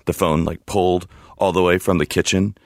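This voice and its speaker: A man speaking as a podcast guest in casual interview chat, with dry, teasing deadpan humor, on a studio mic with headphones. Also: deep voice, fairly quick, no echo. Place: his own home setup in a remote recording.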